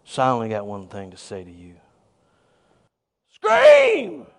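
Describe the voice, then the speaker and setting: A man preaching a sermon, telling a story and bursting into shouts of praise. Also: on the low side, quick pace.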